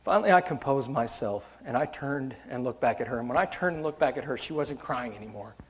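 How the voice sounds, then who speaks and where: In an animated, medium-pitched voice, this pastor preaches fairly fast to the congregation in front of him. He alternates between soft storytelling and loud, impassioned outbursts.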